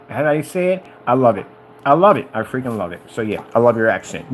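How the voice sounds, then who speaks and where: A man talking casually and excitedly about projectors, rambling and wandering off topic. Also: medium pitch, fairly quick, a little hiss or hum. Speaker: business owner reviewing projectors.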